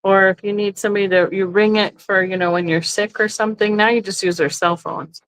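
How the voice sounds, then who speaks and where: A woman's voice: medium pitch, fairly even intonation, a little fast, fairly bright tone, low-quality recording. Chatty woman hosting a live sale. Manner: chatty, thinks aloud, self-correcting. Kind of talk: casual live-stream selling. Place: indoors, seated in a chair.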